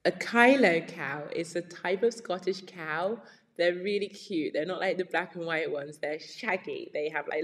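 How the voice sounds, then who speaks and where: A woman with a lower voice reads a storybook aloud to children. She stops to explain words and ask them questions in a friendly way. The recording has a long reverb. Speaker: read-aloud teacher.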